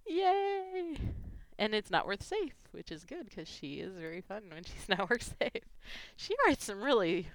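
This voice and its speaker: A woman's voice: mid-range voice, big pitch swings, normal speed, fairly bright tone, dry recording. A woman chatting casually on her vlog, giggling often and gushing emotionally. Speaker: fan fiction vlogger. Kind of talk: casual chat reading gifts.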